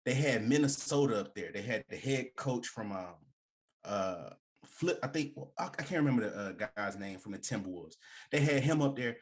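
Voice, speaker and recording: A young adult man co-hosting a casual sports talk show, emphatic and animated, with slangy delivery and big swings in pitch. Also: moderate pace. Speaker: podcast co-host.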